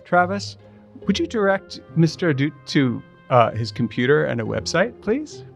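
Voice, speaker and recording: A man's voice: fairly high pitch, big pitch swings, moderate pace, creaky, soft background music. Playful man hosting a podcast. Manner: playful, steers the segment. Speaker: podcast host. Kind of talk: casual chat.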